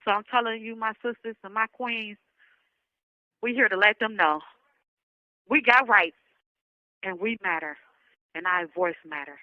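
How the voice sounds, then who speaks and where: A woman's voice: mid-range voice, unhurried, pauses often, dry recording. A woman survivor giving an impassioned, emotional spoken message to other women, rallying them with repeated calls. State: emotional, near tears. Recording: dull lo-fi recording.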